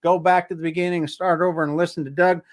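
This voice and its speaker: Guy hosting a business show, kinda higher voice, thanks everyone at the end. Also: little pitch movement, fast. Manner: friendly, brief affirmations and wrap-up thanks. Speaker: show host. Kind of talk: interview hosting.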